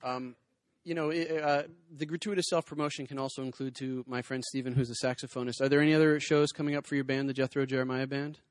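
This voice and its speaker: A man's voice: mid-range voice, fairly even intonation, fast talker, no room sound. A man doing a stand-up comedy set, wry and rambling, reading mock-serious bomb instructions and chatting with the crowd.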